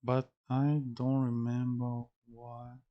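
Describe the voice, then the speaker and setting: A man speaking English as a second language, halting and searching for words, repeating words to practice saying them as he reacts to an anime. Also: mid-range voice, monotone, lo-fi sound. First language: not English. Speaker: anime reaction channel host. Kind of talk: casual theory-crafting reaction.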